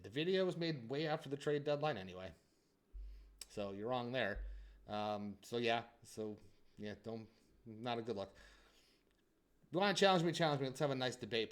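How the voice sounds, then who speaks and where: A young man hosting a hockey channel, giving casual sports commentary and teasing his viewers, swinging between loud hype and quiet asides. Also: mid-range voice.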